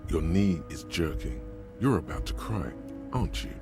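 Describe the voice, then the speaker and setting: An actor voicing a brooding inner voice of the mind that narrates in an ominous, taunting way for a video game. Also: male voice, low-pitched, expressive, moderate pace. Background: game music.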